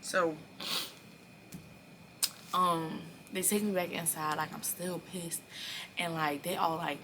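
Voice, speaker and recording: Young woman vlogger, fairly low voice with a forceful, bright edge, telling a profane storytime straight to camera. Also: slow pace, slight background noise. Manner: animated, profane storytelling that speaks straight to viewers. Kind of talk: storytime vlog.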